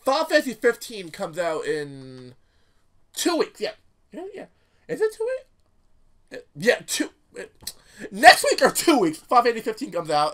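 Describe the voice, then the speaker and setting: A teenage man giving casual, rambling let's-play commentary, excitable and quick to swear. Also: sits high. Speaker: gameplay commentator. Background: game music.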